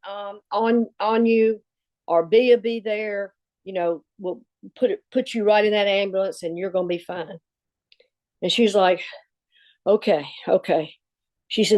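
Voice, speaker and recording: A woman, a longtime assistant telling a story in an interview, acting out the dialogue and laughing as she goes. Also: mid-range voice. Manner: animated retelling with quoted dialogue and laughs.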